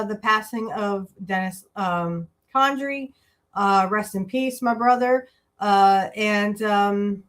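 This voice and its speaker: A woman with a fairly high, bright voice hosts a podcast, chatting casually with lots of fillers and restarts. She's in an indoor room with a wrestling display behind her.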